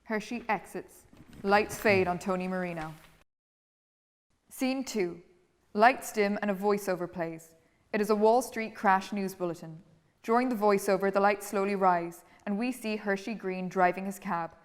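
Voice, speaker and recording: A woman's voice: medium pitch, moderate pace. A woman reading stage directions in a plain, matter-of-fact way. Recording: distant, reverberant theatre recording.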